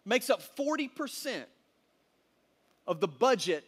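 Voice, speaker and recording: A man, most likely a youth pastor, preaching a sermon in a casual, animated storytelling style full of slang. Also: very high voice, slow, slightly rough.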